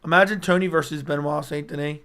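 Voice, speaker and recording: A hoarse man hosting a livestream in casual commentary, answering chat with blunt, profane banter. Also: a little high, steady tone, fast talker, a bit bright, dry recording. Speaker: livestream host.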